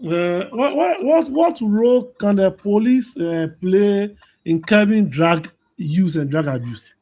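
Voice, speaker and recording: A man's voice: sits high, expressive, slow, mellow. A man hosting a panel discussion, pressing guests with questions and stumbling over his openings. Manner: probing questions, stumbles at the start. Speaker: host.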